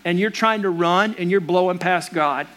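A man's voice: high-pitched, moderate pace, a bit bright. A middle-aged man preaching a sermon as a pastor, earnest and conversational.

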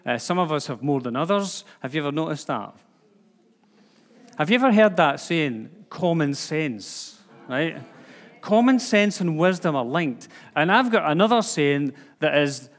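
Chatty Scottish preacher in a hall. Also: male voice, on the high side. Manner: chatty, lots of fillers and restarts. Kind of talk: informal sermon. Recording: long hall reverb.

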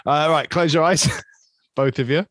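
A man's voice: a little high, unhurried, a bit bright, no echo, clean studio sound. A man hosting a casual quiz podcast over a video call, chatty and teasing as he rambles on. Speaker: quiz host.

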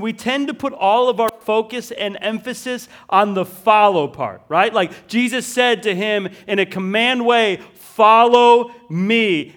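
Male pastor, high-pitched, emphatic sermon delivery with a conversational edge. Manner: emphatic preaching, repeating key words, swinging from loud to hushed; casual fillers like "listen" and "right?".

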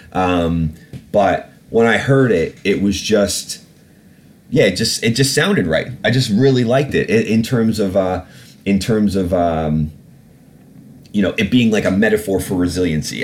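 Guy with a lowish voice doing a solo podcast rant, swears a ton, rambles with lots of ums. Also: a little hiss or hum. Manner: profane, ranting, swears often; rambling with many fillers and restarts. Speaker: podcast host. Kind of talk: solo political commentary podcast.

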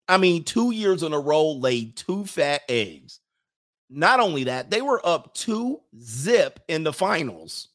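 A man's voice: a little high, a bit bright. A man hosting an opinionated commentary video, reacting to viewer comments in a blunt, mocking and slangy way.

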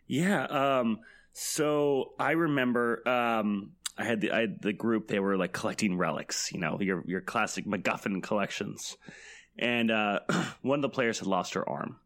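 A man's voice: fairly low pitch, measured pace, fairly bright tone. Laid-back man telling a game story. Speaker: podcast guest, game master. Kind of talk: casual podcast chat.

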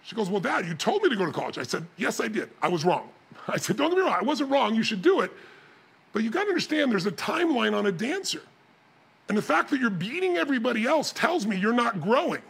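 A middle-aged man with a gravelly, husky voice tells a story to an audience. His delivery is animated, rising and falling widely as he acts out the dialogue and laughs along. His pitch sits high for a man. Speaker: motivational speaker.

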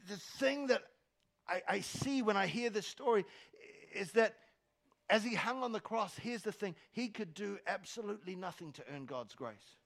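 A man preaching a sermon on a church stage, moving from soft asides to loud exhortation and often repeating words as he starts a phrase. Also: high voice, lively intonation, a little slow, vocal fry. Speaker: pastor.

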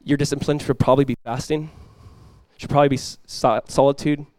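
Male pastor, young adult, smooth clear voice, slightly high, dry close sound, lively conversational sermon. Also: brisk, no room sound. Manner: energetic, conversational preaching with frequent restarts.

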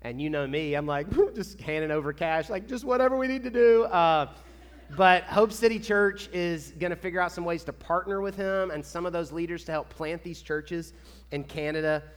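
A man from Kentucky, a pastor chatting excitedly with his church before the sermon. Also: on the high side, moderate pace, smooth. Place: church sanctuary. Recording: echoey church hall.

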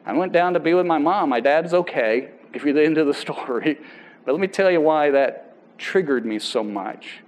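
A man, a pastor, giving a sermon and telling a personal story in a conversational way, with halting restarts and voices for people he quotes. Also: fairly high pitch, expressive, rough recording.

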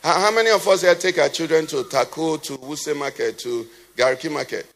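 A man's voice: on the high side, fairly quick, fairly bright tone. A man preaching a sermon as pastor, asking the congregation questions and letting them finish his sentences. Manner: asks the congregation questions and has them fill in the answer. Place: church hall. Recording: long church reverb.

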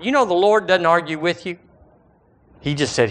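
A male pastor, preaching an animated sermon and calling on the congregation to repeat lines after him. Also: high voice, normal speed, pauses often.

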